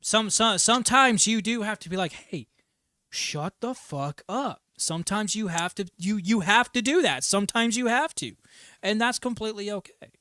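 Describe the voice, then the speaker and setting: A man's voice: high-pitched, fairly quick, pushed and bright, no echo, studio quality. A man co-hosting a casual chat, blunt and given to stammering restarts. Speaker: podcast co-host.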